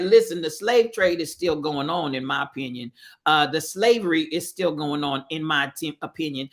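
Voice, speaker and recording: A woman's voice: fairly low pitch, fairly bright tone. A woman hosting a live stream, commenting on current events with emphatic repetition and calling out viewers by name.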